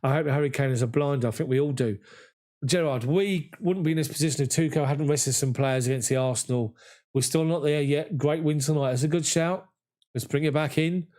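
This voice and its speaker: A man, hosting a live fan chat after a match and reading viewer comments in an excitable, chatty way. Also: on the high side, fairly quick. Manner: excitable, chatty, mimics voices in anecdotes. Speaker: fan channel host.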